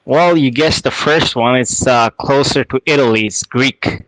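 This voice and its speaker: A man's voice: mid-range voice, fairly bright tone, dry recording, poor audio. A Canadian man with a slightly nasal Canadian accent, calling in for a casual, playful chat. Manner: playful, teasing, drawn-out guessing game. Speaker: caller.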